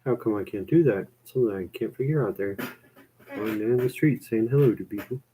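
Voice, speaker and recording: A man's voice: fairly low pitch, a little fast, dark tone, slight background noise, low-quality recording. A young man rambling in a casual chat with his viewers, self-mocking and full of "man" and "dude".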